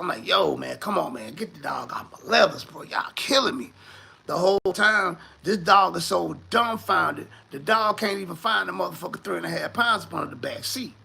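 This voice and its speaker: A high-pitched man tells a story casually, cursing freely and acting out what others said. His voice is very gravelly and sharply bright, with a husky edge. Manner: animated, profane, voices the people in his story.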